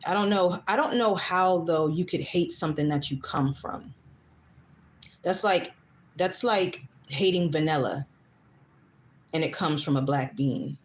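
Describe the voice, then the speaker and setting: A woman in her thirties with a fairly low voice, talking off the cuff on a livestream. She rambles, reads out comments, and turns emphatic when she vents. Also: a little slow, long pauses, slight background noise. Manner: gets heated and emphatic. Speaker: livestream host. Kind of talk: casual livestream monologue.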